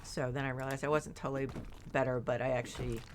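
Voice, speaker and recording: Low-voiced chatty woman streamer. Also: little pitch movement, quick pace, background noise. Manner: rambling, chatty, reads chat aloud; frequent fillers and restarts. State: yawning, recovering from illness. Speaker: game streamer. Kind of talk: casual chat while playing.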